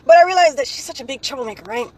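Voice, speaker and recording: A woman's voice: sits high, rapid-fire, darkish tone, poor audio. A young woman telling a story in a casual vlog, rambling with lots of "like, um" and ending her phrases with "right?". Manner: rambling, ends phrases with "right?" tag questions; frequent "like, um" fillers.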